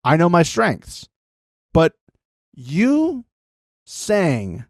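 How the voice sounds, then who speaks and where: A man's voice: a little high, huge pitch swings, very slow, pauses often, dry recording, clean studio sound. Sarcastic male comedian co-host. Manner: sarcastic, jokey, mock-outraged. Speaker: podcast co-host. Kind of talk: casual comedic chat.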